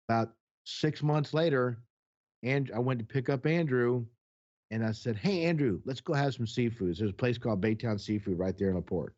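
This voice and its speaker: A man's voice: mid-range voice, a little mellow, dull audio. A man co-hosting a podcast, telling a long personal story in casual chat, acting out the exchanges, blunt and profane. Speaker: podcast co-host.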